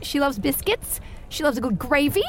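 A woman's voice: sits high, lively intonation, normal speed. A woman improvising a grandiose, vain female wizard who gushes theatrically. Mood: gushing. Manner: theatrical, gushing, starstruck. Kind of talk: improvised comedy role-play.

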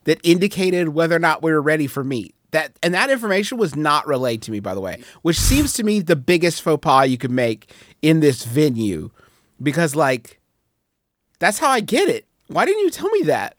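A man's voice: fairly high pitch, big pitch swings, normal speed, no room sound, clean studio sound. A man co-hosting a comedy podcast, telling a restaurant mishap story with mock indignation. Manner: indignant, storytelling, rising to outrage. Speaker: podcast co-host. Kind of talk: comedic casual chat.

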